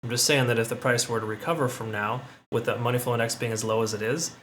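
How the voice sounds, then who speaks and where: A man's voice: mid-range voice, steady tone, fast talker, fairly bright tone. A man hosting a crypto analysis channel, talking casually through chart readings and often checking in with "okay?" and "right?".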